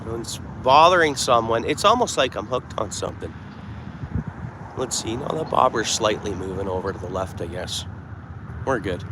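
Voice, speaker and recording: A man's voice: on the low side, lively intonation, moderate pace. Man, fishing live-streamer, chatty, thinking aloud, outdoors, noisy background. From Canada. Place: outdoors by the water. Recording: clear outdoor background noise.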